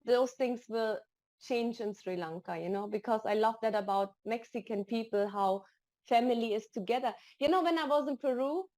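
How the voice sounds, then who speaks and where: A woman's voice: on the high side, normal speed, darkish tone. A woman guest on a podcast, chatting casually and telling stories with emotion and enthusiasm. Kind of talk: casual interview chat.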